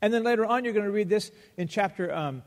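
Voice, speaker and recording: A man preaching a sermon, acting out Bible dialogue with emphatic pauses. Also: sits high, animated. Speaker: pastor. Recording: long hall reverb.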